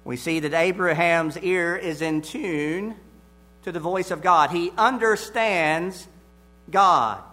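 Slow, deliberate male preacher. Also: on the high side, bright, forceful tone. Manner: deliberate and emphatic, repeating key phrases. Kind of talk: expository sermon.

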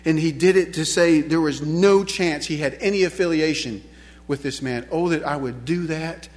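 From the pulpit, a man with a fairly high voice speaks at a moderate pace, pressing his points with repeated key phrases. He is emphatic and keeps asking the congregation rhetorical questions.

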